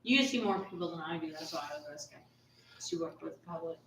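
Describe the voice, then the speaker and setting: Low-voiced woman in an echoey room. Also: fast, fairly bright tone, recorded from a distance, a little hiss or hum. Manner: storytelling, rambling with fillers and asides. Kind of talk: casual chat.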